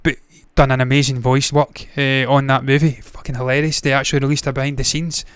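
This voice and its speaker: A man's voice: medium pitch, flat delivery, fast, clear, resonant tone, no room sound, clean studio sound. A man hosting a movie news show, talking casually with blunt, profane opinions and frequent tangents. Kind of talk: casual solo commentary.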